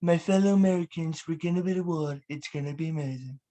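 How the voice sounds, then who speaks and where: A man's voice: fairly high pitch, quick pace, mellow, natural voice, poor audio. A man doing an impression of a grandiose older male politician giving a pompous speech over a video call.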